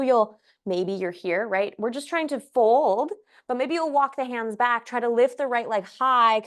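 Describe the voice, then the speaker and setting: A young woman teaching a yoga class, cueing breaths and poses in an encouraging, playful way, a little out of breath. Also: on the high side. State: slightly out of breath. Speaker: yoga instructor. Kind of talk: guided yoga class instruction.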